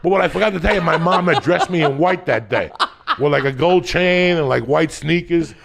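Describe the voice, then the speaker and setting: Homem de voz rouca contando histórias. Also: male voice, on the high side, a little fast, vocal fry, noisy background. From New Jersey. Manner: profane, animated storyteller, acts out voices. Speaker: podcast host. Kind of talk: storytelling in casual chat.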